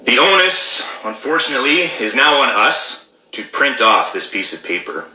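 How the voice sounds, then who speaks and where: A man's voice: mid-range voice, big pitch swings, normal speed, bright, forceful tone, echoey room, low-quality recording. A man explaining rules in an emphatic commentary, stressing key words and checking in with "okay?". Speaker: former border officer commentator.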